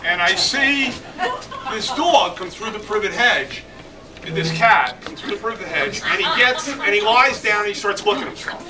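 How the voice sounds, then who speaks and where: A middle-aged man spins a comic story at a reunion party, laughing through it and bursting out loudly at the funny bits. His voice sits very high, and it is picked up from a distance by a camera. A loud crowd talks all around him. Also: lively intonation, a little slow. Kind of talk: animated anecdote told to a crowd.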